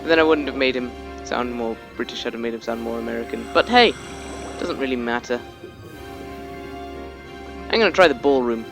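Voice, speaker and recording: A man's voice: mid-range voice, lively intonation, a little fast, vocal fry, long pauses, over music. Rambling young man commenting on a game. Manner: rambling, joking, swears casually. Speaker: let's play commentator.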